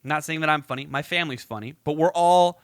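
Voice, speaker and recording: A man's voice: fairly high pitch, fast talker, no echo, clean studio sound. A young man co-hosting a podcast, telling a story in casual chat, acting out every quote and swearing freely. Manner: animated storyteller, acts out quotes, swears a lot. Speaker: podcast co-host.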